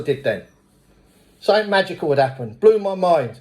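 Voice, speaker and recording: A middle-aged man with a blunt, swearing manner, telling his recovery story at a meeting as a lively storyteller. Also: on the high side, normal speed. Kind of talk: personal recovery testimony.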